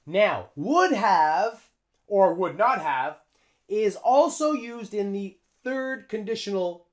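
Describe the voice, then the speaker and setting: A man teaching English pronunciation in a lesson, repeating phrases slowly to model how sounds link. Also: high voice. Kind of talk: explanatory lesson with spoken examples.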